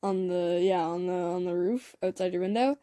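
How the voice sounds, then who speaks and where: A young woman narrating a fan-made story in a casual, rambling way, full of fillers and asides and quick giggles. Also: on the low side, dark tone, smooth, no room sound. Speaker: fan audio story creator.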